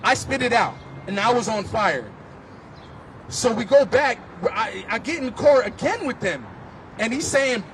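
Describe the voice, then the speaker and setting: High-voiced man giving impassioned testimony. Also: animated, measured pace, a bit bright, slight background noise. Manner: vivid storytelling, rising to emphatic pleas. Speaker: speaker at a street march. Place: outdoors on a city street.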